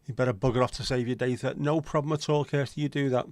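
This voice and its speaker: A man's voice: mid-range voice, steady tone, quick pace, darkish tone, no echo. A man hosting a casual livestream, chatty and joking as he answers viewer comments. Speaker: livestream host.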